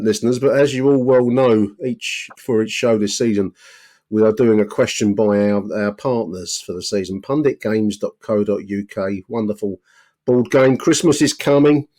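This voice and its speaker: A man's voice: mid-range voice, normal speed, dark tone. A man hosting a casual football podcast, chatty and rambling with filler words. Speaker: podcast host.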